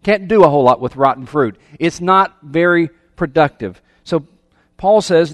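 A man's voice: fairly high pitch, animated, normal speed, no room sound. Man preaching a conversational sermon. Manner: conversational, asks the audience questions; repeats and restarts words. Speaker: pastor.

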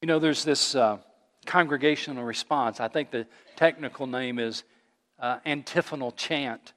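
A man preaching a sermon as a pastor, earnest, rising to loud call-and-response with his congregation. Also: medium pitch, moderate pace, long reverb tail. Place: church sanctuary.

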